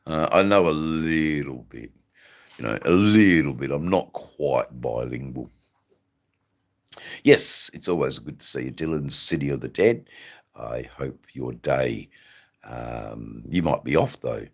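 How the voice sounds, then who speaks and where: A man hosting a live stream, chatting casually with viewers in a rambling, halting way. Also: very deep voice, lively intonation, creaky. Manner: rambling, halting, many ums and restarts.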